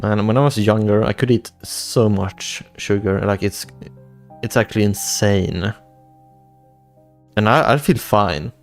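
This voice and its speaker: A man's voice: on the low side, a little slow, long pauses. Rambling man streaming live. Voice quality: rambling, repeats and restarts words. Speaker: livestream host. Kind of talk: casual livestream chat, reading chat aloud. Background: faint background music.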